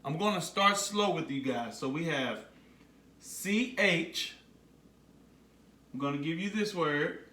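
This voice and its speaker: A man teaching a phonics lesson to young children, slowly repeating words for them to say back. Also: fairly high pitch, animated, pushed and bright, roomy sound, distant mic.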